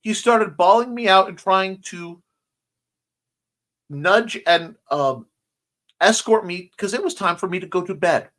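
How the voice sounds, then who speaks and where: Here the man's voice sits high, with a measured pace and long pauses. Hosting a relaxed morning stream, he chats playfully, reads viewer comments, and rambles warmly; his voice is slightly scratchy, with a speech impediment he describes himself.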